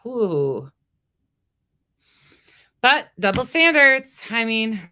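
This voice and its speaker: A woman's voice: on the high side, big pitch swings, drawn-out words, bright, forceful tone. A woman host giving pointed, skeptical commentary on a story she plays. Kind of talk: critical commentary.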